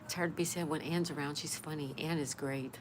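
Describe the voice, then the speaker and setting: A woman's voice: deep voice, steady tone, fairly quick. A woman hosting a casual live stream, chatting with her viewers and greeting them by name. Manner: chatty, greets viewers by name and reads their comments aloud. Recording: clear background noise.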